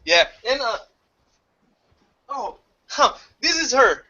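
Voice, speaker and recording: A man who speaks natively, telling a story in casual chat with lively retelling. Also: very high-pitched, takes it slowly. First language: Portuguese. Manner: animated storytelling, acts out voices. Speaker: study group organizer. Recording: dull lo-fi audio.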